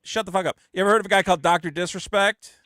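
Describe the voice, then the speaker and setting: A man hosting a call-in podcast, talking in a loud, profane, ranting way on a close studio mic. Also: high voice, steady tone, rapid-fire, no echo. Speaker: podcast host. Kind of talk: casual call-in chat.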